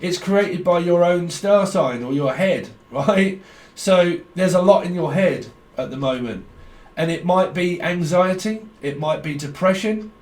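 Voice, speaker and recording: A man's voice: high voice, measured pace, a little mellow. A man giving a rambling, blunt tarot reading, talking in a stream of consciousness and swearing freely. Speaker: tarot reader. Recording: echoey room, distant mic.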